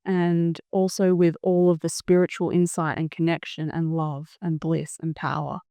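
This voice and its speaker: Earnest woman guest, lower voice. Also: level tone, moderate pace, dark tone, no room sound. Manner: earnest, reflective, searching for words. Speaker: interview guest. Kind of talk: personal storytelling in an interview.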